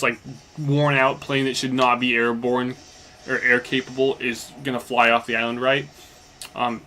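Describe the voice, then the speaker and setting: Young guy rambling thru a recap mid-game, kinda high voice, loose and chatty. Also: pushed and bright. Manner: loose and meandering, heavy on fillers like "basically" and "like". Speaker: let's play commentator. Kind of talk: casual rambling recap while playing a game.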